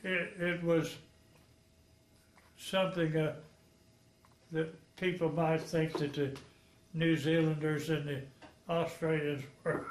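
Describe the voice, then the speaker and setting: In an oral history interview, a Texan World War II veteran in his nineties tells frank, rambling stories, chuckling as he goes. His voice sits fairly high with a level tone, and he speaks slowly with frequent pauses in a reverberant space.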